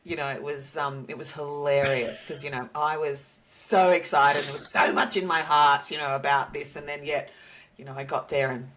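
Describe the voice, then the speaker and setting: A woman from Australia, guesting on a podcast, with a somewhat low speaking voice. She tells stories with energy, jumping up in pitch when she acts out what others said. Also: normal speed, crowd noise. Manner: animated storyteller, acts out quotes with high bursts. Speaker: guest, company CEO. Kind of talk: casual podcast chat.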